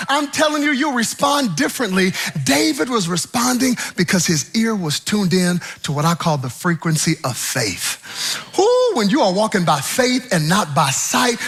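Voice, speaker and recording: An animated male preacher delivering a sermon in a high, bright voice. He is humorous and acts out scenes vividly, his pitch swooping widely for emphasis. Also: breathy edge.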